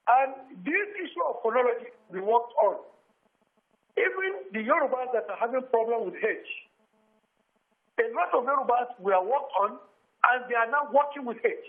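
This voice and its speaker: A man calls in to a talk show and lectures on language in a formal way. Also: extremely high pitch. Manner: didactic, formal. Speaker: phone-in caller. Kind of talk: lecturing call-in comment. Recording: tinny phone line.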